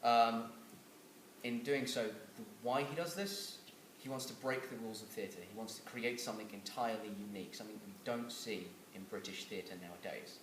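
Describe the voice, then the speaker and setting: A man's voice: lowish voice, normal speed. A man presenting to a class and then giving the group directions for a reading exercise. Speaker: student workshop leader. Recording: noisy, roomy recording from far off.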